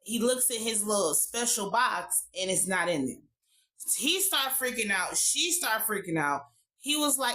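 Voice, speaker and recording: A woman gives a casual, profane recap of a TV episode, full of blunt asides and running commentary. Her voice is bright and forceful. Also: mid-range voice, normal speed, low-quality recording. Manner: blunt, profane, animated storytelling with frequent asides. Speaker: TV show reviewer.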